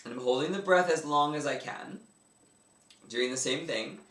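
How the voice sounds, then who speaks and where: Bright-voiced man teaching yoga breathwork. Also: a little high, moderate pace. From Canada. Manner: casual, enthusiastic, talks through each movement. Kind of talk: instructional talk. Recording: echoey room, mic at a distance.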